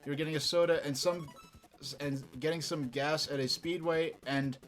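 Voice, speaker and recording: A man from New York chatting casually and rambling while he streams a video game, getting excited easily. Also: on the high side, normal speed, faint music behind.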